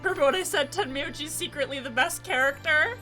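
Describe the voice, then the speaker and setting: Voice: high voice, fast, pushed and bright, faint music behind. A young adult streamer chatting live with viewers while playing a game, effusive and talkative.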